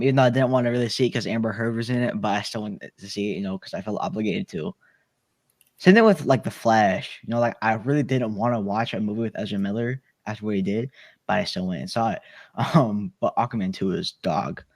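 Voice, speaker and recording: A man's voice: on the low side, fast talker, darkish tone. Rambling laughing man on a home mic. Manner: rambling, laughs often, stumbles on words. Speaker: podcast guest. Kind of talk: casual chat. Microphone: home computer mic with soundboard.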